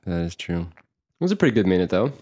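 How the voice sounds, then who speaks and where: A man's voice: deep voice, big pitch swings, fast talker, mellow, no echo, clean studio sound. A man co-hosting a podcast, teasing the others and moving the chat along. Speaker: podcast co-host steering the talk. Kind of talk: casual chat.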